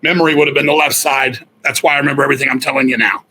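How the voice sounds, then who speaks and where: A middle-aged man, a guest musician, telling stories in a blunt, profane, animated way. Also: mid-range voice, rapid-fire, slight background noise, low-quality recording. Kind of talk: casual storytelling interview.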